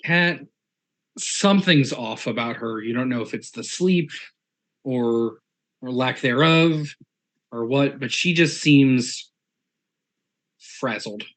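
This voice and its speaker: A man's voice: medium pitch, takes it slowly, pauses often, fairly bright tone. A man narrating a tabletop role-play game as game master, describing characters unhurriedly.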